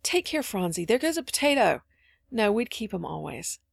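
Woman doing a bustling storybook girl, exclamatory, animated, gravelly voice. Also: mid-range voice, normal speed, dry recording, clean studio sound, heavily acted. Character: lively, warm-hearted eldest girl.

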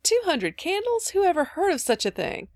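A woman voicing a kindly, practical poor mother who speaks briskly and gently scolds in a storybook reading. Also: a little high, very animated, vocal fry, no echo, clean studio sound, exaggerated voice.

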